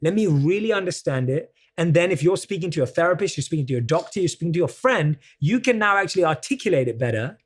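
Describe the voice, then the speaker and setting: A British guest coach explains self-care ideas step by step in a conversational interview, earnest throughout and acting out quoted self-talk. His voice is on the high side, expressive and breathy-edged, and he talks fast with few pauses.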